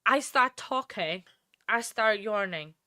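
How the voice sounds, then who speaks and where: Woman host, bright voice, dry close mic, tired, chatty crime-stream commentary. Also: medium pitch, animated, slow, no room sound. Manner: chatty, rambling, apologetic asides. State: tired, yawning. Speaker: true crime livestream host. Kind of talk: casual commentary on a court livestream.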